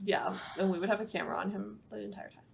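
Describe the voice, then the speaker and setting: A woman's voice: medium pitch, fairly even intonation, fast talker, gravelly, a little hiss or hum. A woman co-hosting a podcast in casual chat, rambling and laughing often. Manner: giggly, rambling. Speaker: podcast co-host.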